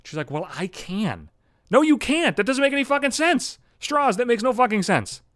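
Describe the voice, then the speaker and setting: Animated, foul-mouthed man ranting a story. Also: extremely high pitch, fairly quick, dry recording, studio quality. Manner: swears constantly, gets worked up and ranting. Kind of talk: profane comic storytelling monologue.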